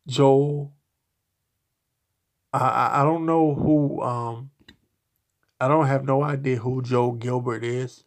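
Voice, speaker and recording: Male solo commentator, gravelly, slow, blunt and profane. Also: medium pitch, fairly even intonation. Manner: slow, halting delivery with repeated restarts. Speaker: podcast commentator.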